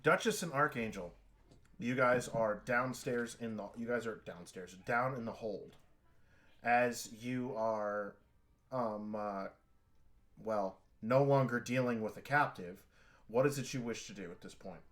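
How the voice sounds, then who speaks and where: A man's voice: medium pitch, a little slow, fairly bright tone. A man narrating as game master of a tabletop role-playing game, with many fillers and restarts.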